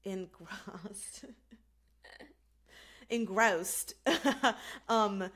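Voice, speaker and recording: A woman's voice: medium pitch, expressive, moderate pace. A woman hosting a podcast, chatting casually in an upbeat, giggly way. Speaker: podcast host. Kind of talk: casual chat.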